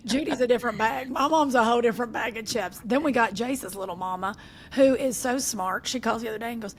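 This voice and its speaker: A woman, a podcast co-host chatting casually and telling lively stories about family. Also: fairly high pitch, fast talker, a little hiss or hum. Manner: animated storyteller, voices her mother. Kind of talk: casual chat.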